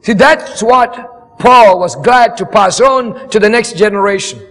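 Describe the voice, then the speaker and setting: Older guy pastor preaching, really high voice for a man, big echoey hall, gets fired up. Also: unhurried, fairly bright tone. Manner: preaching, rising to fervent exhortation. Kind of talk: sermon. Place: church camp meeting hall. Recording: long hall reverb.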